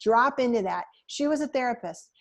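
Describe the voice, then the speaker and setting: A woman's voice: on the high side, expressive, brisk, vocal fry, slight background noise. A woman being interviewed as a hypnotherapist. She tells client stories and personal experiences in an earnest, reflective way. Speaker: hypnotherapist guest. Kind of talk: conversational interview.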